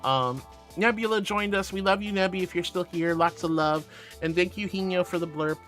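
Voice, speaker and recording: A man's voice: high-pitched, moderate pace, a bit bright, faint music behind. A man streaming casually, playfully and affectionately reading chat aloud.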